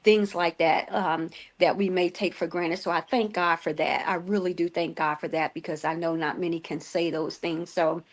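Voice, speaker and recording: A woman's voice: fairly low pitch, steady tone, moderate pace, few pauses. A woman guest on a video call podcast, talking thoughtfully and gratefully, with frequent ums. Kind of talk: casual testimony chat.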